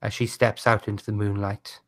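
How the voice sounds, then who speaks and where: A man who narrates as game master, describing scenes in a halting way with many restarts. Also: on the low side, level tone, fairly bright tone.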